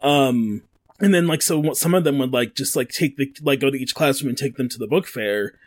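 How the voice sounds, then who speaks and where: There's a little hiss or hum behind this podcast co-host's brisk, medium-pitched voice. He chats casually, rambling through stories with plenty of fillers and restarts.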